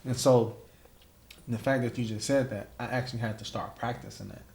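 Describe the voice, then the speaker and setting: A man's voice: mid-range voice, fairly even intonation, brisk, creaky, a little mellow, reverberant. A man hosting a podcast in casual interview chat, emphatic and fond of saying "like" and "right?". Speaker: podcast host.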